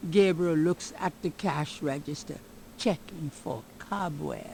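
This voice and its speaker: A wry 90s game narrator, real slow, gravelly, dry. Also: female voice, sits low, warm tone, a little hiss or hum, full character voice, low-quality recording.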